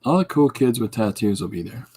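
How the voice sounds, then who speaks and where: A man's voice: mid-range voice, lively intonation, fairly quick, a little mellow, slightly rough. A man hosting a podcast stream, chatting casually and rambling with jokes while he draws and answers viewer comments. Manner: rambling, jokey, reads out and answers chat comments. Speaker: podcast host. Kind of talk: casual livestream chat while drawing.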